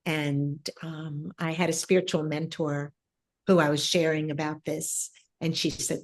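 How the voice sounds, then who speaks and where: A woman guest in an interview, telling a personal spiritual story in a reflective, halting way with many pauses and fillers. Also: sits low, level tone. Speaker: interview guest, ancestral healer.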